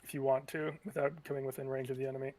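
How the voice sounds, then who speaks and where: A man's voice: medium pitch, flat delivery, dark tone, no room sound. A man playing a tabletop wargame, explaining the rules and moves casually. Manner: quick rules-explaining talk. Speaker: player.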